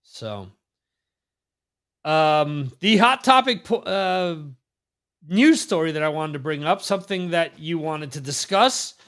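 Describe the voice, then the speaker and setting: Male host, loose rambling chatter, lots of ums, somewhat higher voice. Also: a bit bright. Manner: rambling, laughs often, many fillers. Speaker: podcast host. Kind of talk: casual chat. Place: lives in Spain.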